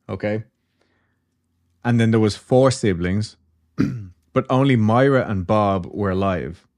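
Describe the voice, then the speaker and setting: A man's voice: on the low side, darkish tone. A man hosting a podcast, telling a story in a loose, chatty way, with swearing and asides. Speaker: podcast host. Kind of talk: casual storytelling chat.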